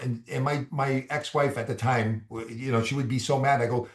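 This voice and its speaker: A man with a Boston accent, a guest speaker chatting casually on a group video call, animated and repeating words as he gets going. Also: medium pitch, brisk, hardly any pauses, roomy sound. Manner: animated storyteller, repeats words when starting.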